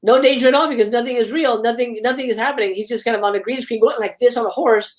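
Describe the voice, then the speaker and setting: A woman's voice: a little high, quick pace, slight background noise. A woman guest in a casual livestream film chat, blunt and enthusiastic, swearing freely. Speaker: guest co-host.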